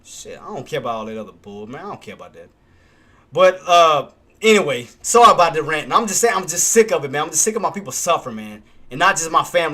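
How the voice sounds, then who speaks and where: A man's voice: a little high, lively intonation, fast, pushed and bright. A man hosting a live stock trading stream, talking in an emphatic, repetitive, streetwise casual way. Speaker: stock trading livestream host.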